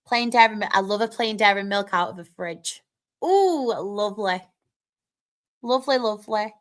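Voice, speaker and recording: Reading viewers' comments out on her live stream, a young woman from Northern England chats casually in a mid-range voice, getting excited and letting out quick laughs.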